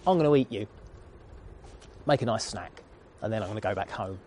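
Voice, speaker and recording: A man's voice: lowish voice, expressive, brisk, warm tone, slight background noise, lightly acted. A man voicing a hungry young male monster child in a children's story retold during a sermon. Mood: greedy.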